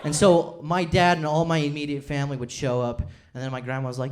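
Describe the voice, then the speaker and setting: A young man from Utah performing a stand-up comedy set on a club stage with a handheld mic. He is chatty and self-deprecating, and he slips into quick impressions of his family. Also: fairly high pitch, flat delivery. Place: comedy club stage before a laughing audience.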